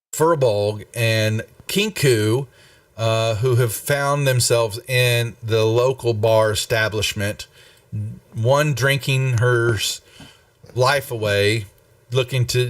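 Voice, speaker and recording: A man running a tabletop game as game master, narrating in an unhurried, rambling way with many fillers. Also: mid-range voice, dry recording, recorded from a distance.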